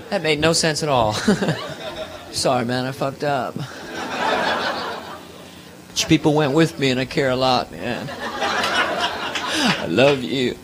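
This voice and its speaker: A man's voice: mid-range voice, lively intonation, slow pace, long pauses, noisy background. A man doing a live stand-up comedy set on a club stage, playful and self-mocking.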